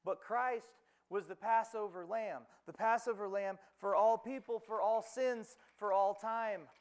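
A preacher with a notably high voice and fairly even intonation retells a scripture story in his sermon, using dramatic pauses. Along the way he poses rhetorical questions and acts out the quoted lines.

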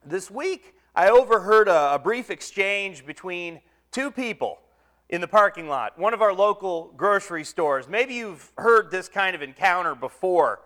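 A man's voice: high voice, expressive, measured pace, fairly bright tone. A man preaching a conversational sermon from the pulpit, folksy and self-deprecating, with lots of ums and uhs. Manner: folksy, self-deprecating humor with many fillers.

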